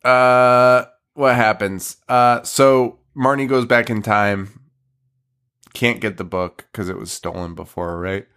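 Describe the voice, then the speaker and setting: A man's voice: medium pitch, fairly even intonation, slow, a bit bright, smooth. A man hosting a podcast, recapping a movie plot in casual chat, rambling, laughing often and swearing freely. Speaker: podcast host.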